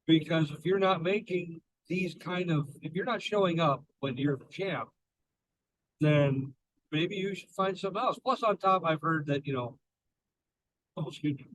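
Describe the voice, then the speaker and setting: Man chatting casually, slightly high voice. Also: normal speed, a bit bright, no room sound, poor audio. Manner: conversational, loose, swears casually. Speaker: podcast co-host. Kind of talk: casual chat.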